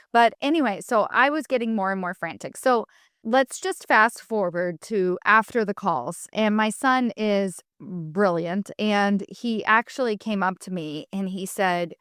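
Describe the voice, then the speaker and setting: A woman's voice: medium pitch, moderate pace, fairly bright tone, clear, resonant tone, no room sound, clean studio sound. A woman hosting a solo podcast, telling a personal story in a candid, chatty way and turning it into coaching advice. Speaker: podcast host.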